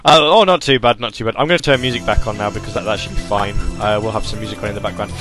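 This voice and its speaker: A man's voice: on the low side, fairly even intonation, rapid-fire, a bit bright, soft background music. A man hosting an online radio stream and podcast, talking casually in a rambling, self-interrupting way. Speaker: podcast host.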